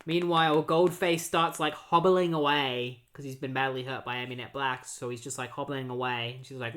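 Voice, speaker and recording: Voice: mid-range voice, steady tone, normal speed, fairly bright tone. A comic book reviewer giving a loose, rambling plot recap full of fillers and restarts, briefly acting out the characters' lines.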